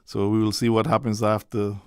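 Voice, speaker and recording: A Caymanian man talks as a radio studio guest in an easygoing, slightly hesitant way. His low voice barely rises or falls. The studio sound is close and dry. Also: monotone, brisk, clean tone, no room sound. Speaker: member of parliament, studio guest. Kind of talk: casual radio talk. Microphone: studio microphone.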